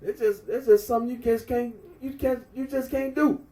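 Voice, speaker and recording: High-pitched man ranting in an echoey room. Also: fairly even intonation, normal speed, mellow. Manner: repetitive, emphatic, scolding. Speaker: vlogger. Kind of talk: ranting monologue. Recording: echoey room, far from mic.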